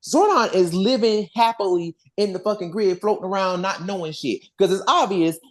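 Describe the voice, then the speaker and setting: Speaking at a moderate pace with a medium-pitched voice, this podcast host recaps in a casual fan discussion, swearing freely, staying animated, and performing the characters' lines.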